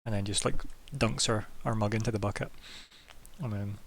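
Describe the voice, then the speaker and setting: A man narrating as game master in a tabletop game, relaxed with many fillers. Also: fairly low pitch, brisk, a little hiss or hum.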